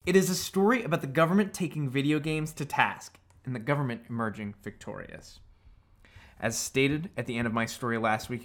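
A man co-hosting a podcast at a middle pitch. He reads a prepared history story in a measured way. Now and then he drops in casual asides. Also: fairly bright tone. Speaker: podcast co-host.

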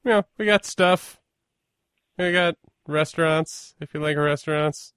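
A man's voice: a little high, measured pace, fairly bright tone, smooth, no echo, clean studio sound. A Minnesotan man hosting a podcast, chatting casually in a rambling, self-deprecating way with plenty of fillers. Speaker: podcast host. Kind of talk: casual conversation.

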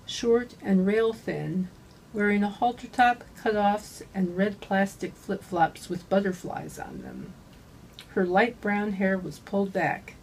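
A woman's voice: mid-range voice, a little mellow, slight background noise, low-quality recording. Woman reading a hardboiled mystery. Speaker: author reading her own novel. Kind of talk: scripted first-person narration.

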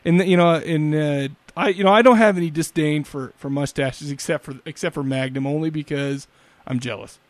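A man's voice: a little high, normal speed, no echo. A married man hosting a podcast, rambling and self-deprecating in casual chat. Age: adult, married. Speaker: podcast host.

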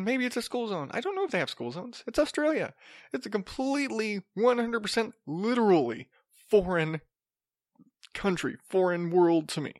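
A man's voice: a little high, no echo, studio quality. Rambling, sarcastic man hosting a podcast. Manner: rambling, repeats and restarts words, sarcastic asides. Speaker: podcast host. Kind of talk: casual solo podcast monologue.

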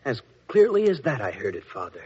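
An earnest young prince. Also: male voice, mid-range voice, wildly swooping pitch, brisk, darkish tone, slightly rough, heavily acted. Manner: earnest storytelling. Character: earnest young prince who found a frog. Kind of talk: 1940s radio acting. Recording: muffled old radio recording.

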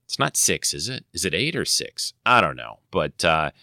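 A man's voice: low voice, sing-song, normal speed, pushed and bright, dry recording, studio quality. A man hosting his own podcast, chatting casually and rambling with many fillers and self-corrections. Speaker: podcast host. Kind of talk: casual chat.

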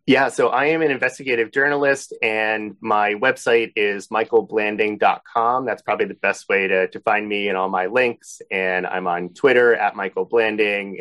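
A man's voice: on the low side, a bit bright. A man being interviewed as an author, telling a friendly anecdote about how his book began. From Boston area. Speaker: author guest. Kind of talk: interview answers, storytelling.

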